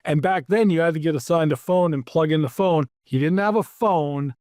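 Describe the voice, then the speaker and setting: Animated storytelling man, dry close sound. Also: on the high side, normal speed, no room sound. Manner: animated anecdotes, acts out quotes. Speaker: podcast host, PR executive. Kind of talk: casual storytelling interview.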